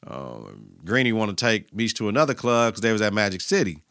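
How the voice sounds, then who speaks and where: A man hosting a podcast, recapping a TV episode in a loose, animated way, slipping into the characters' lines and laughing as he goes. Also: lowish voice, fairly quick, creaky, clean tone, no echo, studio quality. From Milwaukee, Wisconsin. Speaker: podcast host.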